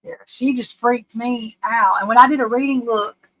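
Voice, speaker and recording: A woman's voice: fairly high pitch, steady tone, moderate pace, a bit bright, poor audio. A middle-aged woman from the United States hosting a live stream, rambling and frank, restarting her sentences and swearing casually.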